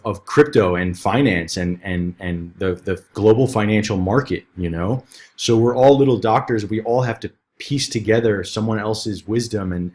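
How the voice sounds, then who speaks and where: A man's voice: on the low side, darkish tone. A man hosting a podcast, talking in a casual, earnest and enthusiastic way with many restarts. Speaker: podcast host, detox coach. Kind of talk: casual chat.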